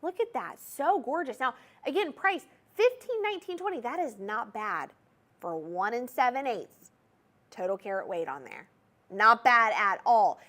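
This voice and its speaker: A woman with a Southern US accent pitches on a TV shopping show, her fairly high voice swinging up and down in lively swoops. She gushes and chats straight to the viewers, warm with sales energy and full of little asides. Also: a little slow. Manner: chatty, gushing, addresses viewers directly. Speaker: home shopping host. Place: TV shopping studio.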